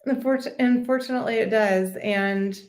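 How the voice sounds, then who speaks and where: A woman's voice: a little high, moderate pace, darkish tone, reverberant. Blunt, profane woman streamer. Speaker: live-stream host. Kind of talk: casual live-stream chat.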